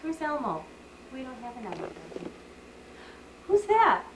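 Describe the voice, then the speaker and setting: A woman with a high, lively voice coaxes her toddler at a slow, patient pace, repeating each prompt in a sing-song way. It sounds like an old home camcorder tape, echoey, with steady background noise. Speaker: mother filming her toddler. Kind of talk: home video chat with a toddler. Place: family home, indoors. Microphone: camcorder microphone.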